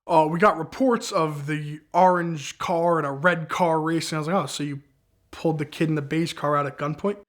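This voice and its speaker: A young man casually telling a story, acting out the other people's lines as he goes. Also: fairly high pitch. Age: young adult. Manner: animated, acts out the cops' shouting in quoted lines. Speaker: guest storyteller.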